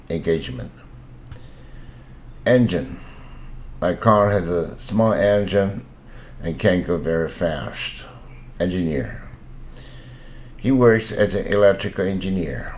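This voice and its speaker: Older man slowly reading English word lists. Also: low-pitched, a little mellow, a little hiss or hum. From Taiwan. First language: Mandarin. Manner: slow, deliberate word-by-word reading. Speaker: English pronunciation teacher. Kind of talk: reading vocabulary words and example sentences.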